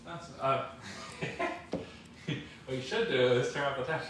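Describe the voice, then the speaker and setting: A man chatting casually at home, teasing and relaxed. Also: medium pitch, unhurried, slight background noise. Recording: very roomy, far from the mic.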